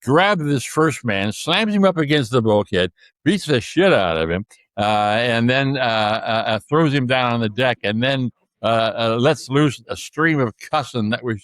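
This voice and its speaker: Older man telling stories, halting and dry. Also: mid-range voice, a bit bright, no room sound. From Tacoma, Washington. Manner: halting, many fillers and restarts, chuckling. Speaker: guest author. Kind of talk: storytelling interview.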